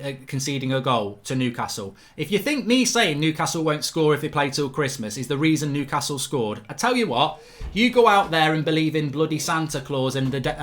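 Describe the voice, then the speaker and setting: A man's voice: on the high side, a bit bright. A man hosting a live match reaction stream, reading chat messages aloud and ranting with frequent swearing and sarcasm. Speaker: football fan livestream host.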